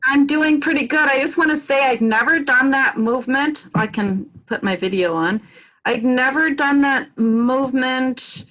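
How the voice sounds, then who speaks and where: A woman taking part in an online fitness class, chatting casually after the session and halting as she searches for words. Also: high-pitched, a bit bright, rough recording. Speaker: class participant. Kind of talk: casual chat.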